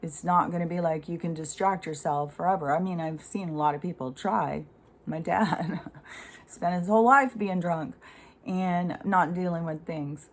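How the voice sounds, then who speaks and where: Rambling middle-aged woman, low voice. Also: normal speed. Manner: rambling and conversational, many fillers, casual swearing. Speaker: spiritual speaker. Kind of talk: casual spiritual monologue.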